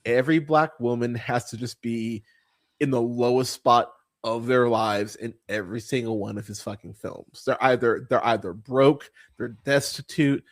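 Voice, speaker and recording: A male podcast host in casual conversation, venting with plenty of swearing and frequent laughter. His voice sits at a middle pitch but leaps sharply higher when he gets worked up. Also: moderate pace. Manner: exasperated, profane, laughs often, animated pitch jumps. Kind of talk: casual ranting film review.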